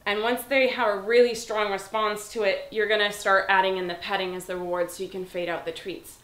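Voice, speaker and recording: A woman dog trainer giving a calm, step-by-step demonstration and praising the dog. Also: medium pitch, fairly quick. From Southern California. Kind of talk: instructional demonstration. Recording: echoey room.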